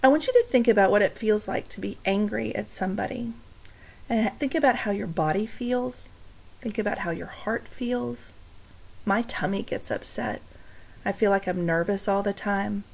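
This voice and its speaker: A woman's voice: mid-range voice, moderate pace, gravelly, low-quality recording. A woman reading a storybook aloud to young listeners, stopping to speak to them directly. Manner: warm direct address to listeners.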